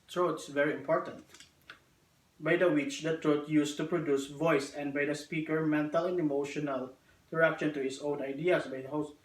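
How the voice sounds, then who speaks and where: A man giving a classroom presentation to his teacher and classmates, speaking in measured, deliberate phrases. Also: a little high. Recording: echoey room, distant mic.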